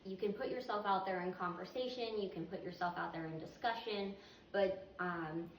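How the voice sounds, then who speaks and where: A woman's voice: medium pitch, moderate pace, slight background noise. A woman reading Bible verses aloud and explaining them in an earnest, conversational teaching style. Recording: echoey, distant, slightly muffled.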